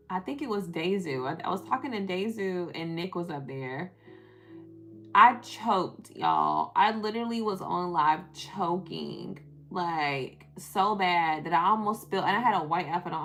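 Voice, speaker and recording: A woman's voice: medium pitch, a bit bright. A young woman with a Southern US accent, tired, chatting on a live stream, reading the chat aloud and laughing often.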